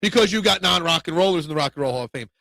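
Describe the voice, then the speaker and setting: A man's voice: a little high, animated, racing, vocal fry, pushed and bright, dry recording. A man hosting a casual sports talk stream, rambling through opinions and answering viewer comments. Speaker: sports talk show host.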